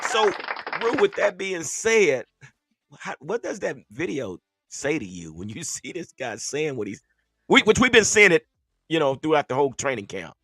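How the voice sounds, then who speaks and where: Man, podcast host, casual sports chat, lively swooping pitch, dry close sound. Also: moderate pace, no room sound. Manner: animated, laughs between phrases.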